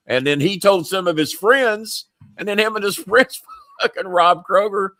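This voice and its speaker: A man's voice: high-pitched, moderate pace, pushed and bright, dry recording, studio quality. An older male host telling rambling, profane stories, laughing as he goes. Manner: rambling, swears freely, laughs mid-sentence. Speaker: show host. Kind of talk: profane comic storytelling.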